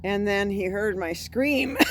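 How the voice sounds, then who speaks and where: A woman's voice: mid-range voice, takes it slowly, noisy background. Woman vlogger telling a story. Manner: animated retelling with quoted voices. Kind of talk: casual storytelling.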